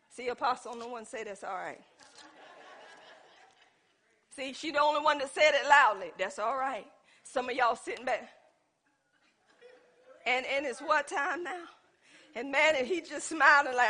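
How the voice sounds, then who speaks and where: Woman preacher, very high and sharp voice, swings from shouts to soft asides in church. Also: normal speed, pauses often. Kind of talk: sermon.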